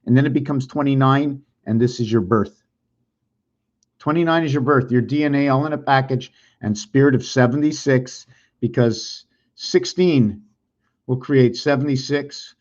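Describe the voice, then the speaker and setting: A man's voice: mid-range voice, darkish tone. Rambling man musing aloud, lo-fi sound. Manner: rambling, musing, unsure of himself. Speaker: video creator. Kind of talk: thinking aloud while drawing and explaining.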